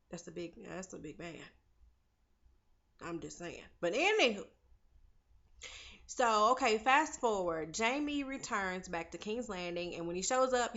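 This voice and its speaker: A woman's voice: medium pitch, fairly bright tone, muffled recording. A young woman casually recapping a TV episode, chatty and opinionated, talking to viewers like friends. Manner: chatty and opinionated, talks to viewers as "girl" and "y'all". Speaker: TV recap vlogger.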